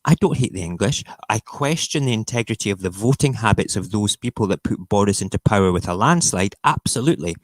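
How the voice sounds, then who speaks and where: Scottish guy, middle-aged, real deep voice, sarcastic sweary rants hosting a morning stream, dry close sound. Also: lively intonation, brisk, hardly any pauses, no echo. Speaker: livestream host. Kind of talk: morning chat show, ranting about newspaper front pages.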